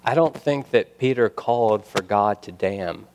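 A male pastor preaching a sermon, building to loud emphatic passages and dropping to quiet, pointed asides. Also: fairly low pitch, measured pace, a little hiss or hum.

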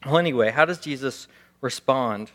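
Speaking at normal speed with a medium, fairly bright voice, this pastor keeps his sermon conversational and raises his voice to act out small scenes.

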